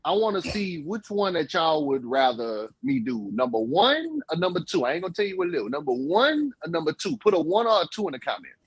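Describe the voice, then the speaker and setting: A man hosting a live-stream talk show, chatting casually and joking with his co-host and the chat in a husky, laid-back voice. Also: fairly high pitch, very animated, a little fast, hardly any pauses, no room sound, muffled recording.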